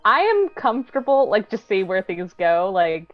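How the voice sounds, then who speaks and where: A woman's voice: mid-range voice, sing-song, moderate pace, dry recording, faint music behind. A woman casually describing her character for a tabletop game, easygoing and thoughtful. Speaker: game player. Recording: dull, dry lo-fi mic.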